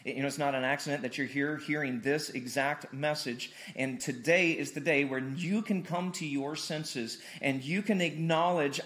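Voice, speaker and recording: A male preacher from Missouri delivers a sermon in a church in a chatty, storytelling way. He often repeats himself as he builds emphasis, and his voice sits slightly higher than most men's. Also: a bit bright. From Missouri, USA. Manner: conversational preaching with repeated words and rising emphasis. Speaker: pastor. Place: church hall, streamed online.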